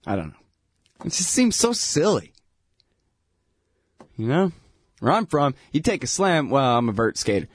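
A man's voice: sing-song, measured pace, long pauses, husky, dry recording, clean studio sound. A man ranting in a casual, sarcastic way, laughing between points and mocking others in whiny voices. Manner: mocking, breaks into whiny falsetto impressions.

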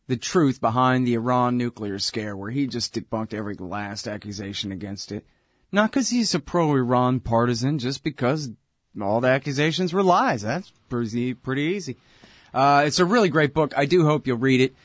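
A man's voice: mid-range voice, expressive, moderate pace, no room sound. Male host, casual and crude, wanders off mid-thought, dead-dry studio mic. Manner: blunt, profane, rambling. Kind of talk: casual political talk show. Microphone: headphones and studio mic.

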